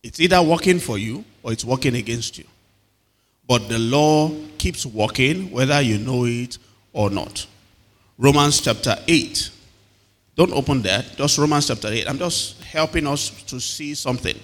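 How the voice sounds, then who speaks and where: A man's voice: mid-range voice, lively intonation, moderate pace, fairly bright tone. A man preaching a sermon, often calling on the congregation to answer him. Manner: calls to the congregation for responses. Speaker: pastor. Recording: long hall reverb.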